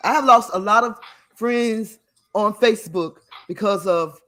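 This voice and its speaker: A woman's voice: medium pitch, measured pace, a bit bright. A woman hosting a livestream, talking casually and emphatically to her viewers, often laughing and sounding preachy. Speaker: livestream host.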